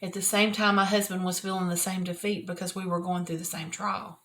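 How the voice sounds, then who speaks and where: An older woman, sharing a personal devotional talk from her office in an earnest, repetitive, often soft-spoken way. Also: on the low side, flat delivery, fairly quick. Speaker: Christian video host. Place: private office at work.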